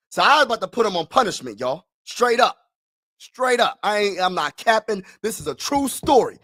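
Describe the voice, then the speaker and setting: A middle-aged man from Pennsylvania vlogging as a sports fan, talking in an animated, emphatic way, repeating himself and sometimes shouting. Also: high-pitched, moderate pace. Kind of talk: excited casual fan vlog.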